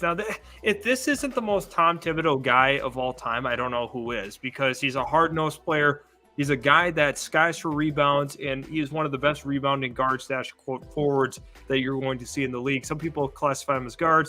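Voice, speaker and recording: Bright-voiced man co-hosting a sports stream. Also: medium pitch. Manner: analytical, thinking aloud. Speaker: co-host. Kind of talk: live sports talk.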